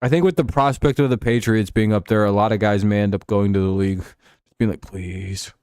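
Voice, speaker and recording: Profane, ranting man with a low voice. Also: steady tone, fast, darkish tone, smooth, dry recording, clean studio sound. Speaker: host. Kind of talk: casual football talk show.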